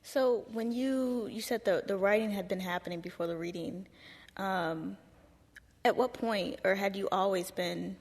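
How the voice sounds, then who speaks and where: Husky woman interviewer onstage. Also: mid-range voice, a little slow, darkish tone. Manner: hesitant, restarting questions. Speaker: host and interviewer. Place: high school auditorium stage. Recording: long reverb in a school auditorium.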